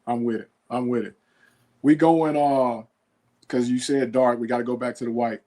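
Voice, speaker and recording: A man hosting a podcast, asking quick this-or-that questions in a relaxed, casual way and filling pauses with "okay.". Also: mid-range voice. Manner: relaxed, quizzing, says okay a lot. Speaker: podcast host.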